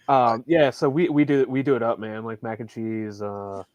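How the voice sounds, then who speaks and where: An easygoing man talking as a guest on a livestream, relaxed and agreeable. His pitch is in the everyday male middle, and the recording is dry and close. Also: unhurried, dry recording, dull audio. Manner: laid-back, easygoing, agreeable. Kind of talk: casual livestream chat.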